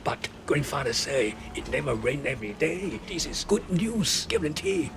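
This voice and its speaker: An actor playing a gravelly upbeat consoling man. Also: a little high, sing-song, normal speed. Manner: broken English, upbeat consoling. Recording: noisy film clip.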